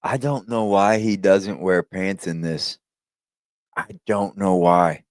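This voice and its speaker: A man hosting a reaction channel, talking casually and crudely with teasing asides and loud whoops. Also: low voice, steady tone, takes it slowly, no echo.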